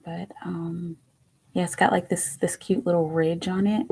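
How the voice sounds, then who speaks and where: A woman runs a live tarot stream, chatting casually with her viewers in a fairly low, slightly rough voice. She's excitable and laughs easily, at times dropping almost to a whisper.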